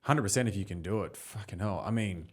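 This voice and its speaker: A man hosting a casual podcast interview, relaxed, asking short questions and giving brief agreeing replies. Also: lowish voice, brisk. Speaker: podcast host.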